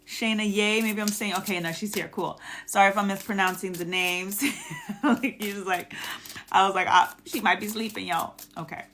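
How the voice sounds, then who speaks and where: A woman's voice: mid-range voice, fairly even intonation, moderate pace, a bit bright, slight background noise. A woman giving a casual, affectionate live tarot reading, spiritual and encouraging, with many restarts. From United States. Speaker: tarot reader.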